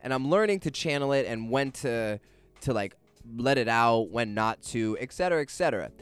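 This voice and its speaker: A young man casually telling a personal story out loud, animated, swearing freely and laughing as he goes. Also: medium pitch, moderate pace, smooth, no echo, faint music behind.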